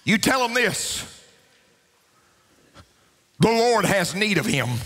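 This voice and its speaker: A male pastor preaches in a church sanctuary, his voice pitched a little high and ringing with a bright, forceful edge. He drives his points home by repeating them and climbs into shouts at the peaks. A long hall reverb trails every phrase. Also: sing-song, slow. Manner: emphatic preaching, rising to shouts; repeats key lines for emphasis. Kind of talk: sermon.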